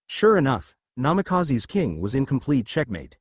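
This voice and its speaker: A male storyteller reading fan fiction aloud in a steady, expressive way. His pitch moves up and down a lot as he reads. The recording is close and dry, with no room echo. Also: normal speed, few pauses, breathy edge. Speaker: narrator.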